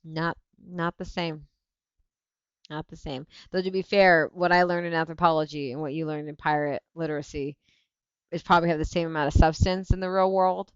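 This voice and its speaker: Animated woman hosting a livestream chat. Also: low voice, brisk, smooth, dry recording, lo-fi sound. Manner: animated, laughing often, self-interrupting. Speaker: livestream host. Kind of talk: casual chat reading viewer comments.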